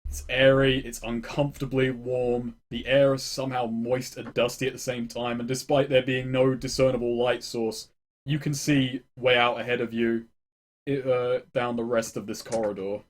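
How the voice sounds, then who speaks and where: A man narrating a tabletop game as game master, describing scenes with halting fillers. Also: mid-range voice, flat delivery.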